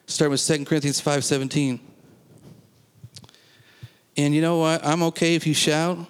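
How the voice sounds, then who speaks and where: A man's voice: a little high, steady tone, normal speed, clean tone. Emphatic preacher man in reverberant hall. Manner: emphatic, repeats phrases, asks the congregation questions. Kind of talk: sermon. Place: church.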